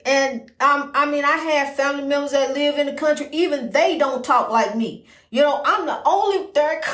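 On her podcast, a woman with a high, sharp-toned voice gives casual, faith-centered encouragement, her folksy talk wandering and laced with "you know." The recording has an echoey room sound.

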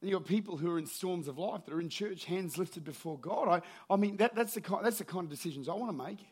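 Aussie pastor guy preaching, high voice, gets loud then goes real quiet. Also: fast talker, breathy edge. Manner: energetic preaching, builds to shouts then drops low and quiet. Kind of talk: sermon.

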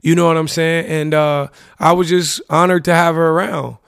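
A man's voice: a little high, little pitch movement, moderate pace, gravelly, fairly bright tone, clear, resonant tone, no echo, studio quality. A young man hosting a podcast, telling personal stories about a past relationship in a casual, candid way, full of slang and "you know what I'm saying". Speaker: podcast host. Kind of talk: reflective personal monologue.

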